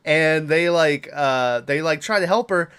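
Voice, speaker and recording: A podcast host with a slightly high, somewhat bright, smooth voice recaps a film's plot at an unhurried pace. It's a casual movie review told loosely and ramblingly, packed with swearing and fillers.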